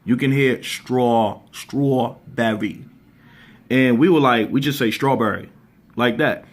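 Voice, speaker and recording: A man from Baltimore hosting his own channel, giving his opinions in a relaxed, thoughtful way with frequent pauses and ums. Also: mid-range voice. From Baltimore, USA. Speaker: channel host. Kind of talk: casual opinion vlog.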